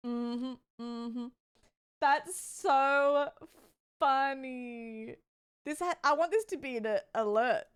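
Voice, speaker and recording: A woman's voice: high-pitched, takes it slowly, clean tone. A young woman streaming, chatting casually with her viewers, giggly and rambling, blurting out crude jokes. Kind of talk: casual livestream chat.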